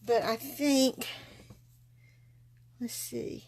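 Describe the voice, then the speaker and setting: A woman's voice: fairly high pitch, fairly even intonation, extremely slow, a little mellow, a little hiss or hum. A woman chatting folksily to viewers as she demonstrates card making live from her craft table. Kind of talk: live-stream craft demo.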